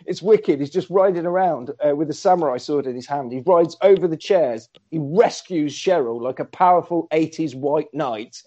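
A man excitedly recapping a horror film in casual chat, acting out the characters' lines. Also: a little high. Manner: animated storyteller, acts out characters' lines. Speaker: podcast co-host recapping a film. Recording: slightly dull lo-fi recording.

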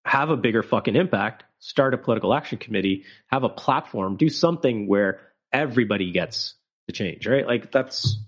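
A man hosting a podcast in a mid-pitched voice, ranting in casual chat. He talks with emphatic, profane bursts and lots of filler words. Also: lively intonation, brisk. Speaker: podcast co-host.

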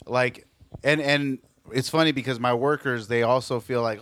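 A man's voice: mid-range voice, fairly even intonation, normal speed, fairly bright tone, no room sound. A man co-hosting a podcast, telling stories in a blunt, profane way. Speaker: podcast co-host. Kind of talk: casual podcast chat.

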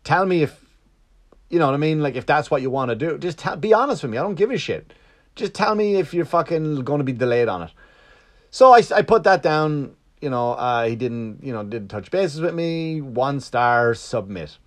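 A man's voice: on the high side, expressive, normal speed. A man telling a long story in a casual, rambling monologue. He swears freely, restarts often and acts out the other side's lines. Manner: rambling and profane, with many restarts.

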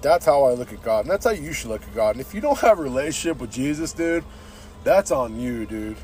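A man's voice: mid-range voice, expressive, fairly quick, darkish tone, slight background noise. Profane, blunt man ranting on a podcast. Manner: profane, says "dude" constantly; blunt and opinionated. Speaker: podcast host. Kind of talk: casual podcast rant.

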